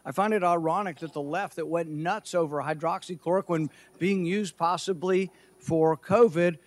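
High-voiced male senator, indignant hearing speech, dry. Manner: indignant, building to outrage.

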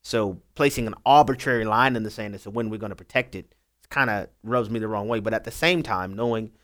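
Low-voiced earnest male legal analyst. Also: quick pace, fairly bright tone. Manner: earnest, emphatic explaining. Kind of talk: talk radio discussion.

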